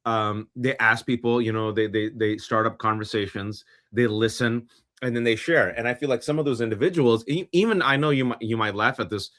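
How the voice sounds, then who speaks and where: A man's voice: medium pitch, a little fast, a bit bright. A man hosting a casual conversation, reflecting in an easygoing way. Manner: reflective, easygoing, short reactions. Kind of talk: casual chat.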